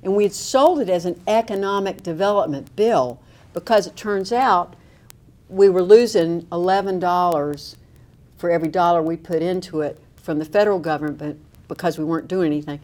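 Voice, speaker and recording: A middle-aged woman, telling an animated story with wry humor in an interview. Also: on the low side, moderate pace.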